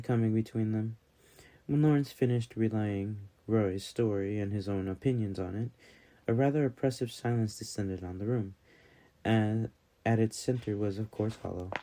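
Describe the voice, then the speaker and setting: A male narrator reads a fantasy novel aloud in a calm, steady way. His voice is low, very dark and mellow. The reading is even and unhurried. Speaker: audiobook narrator. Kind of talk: fan audiobook narration.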